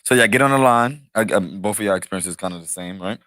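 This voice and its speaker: A man's voice: lowish voice, fast, no echo. A man co-hosting a podcast in casual chat, asking questions and laughing. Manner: asks questions, laughs, lively and swearing. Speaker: podcast co-host.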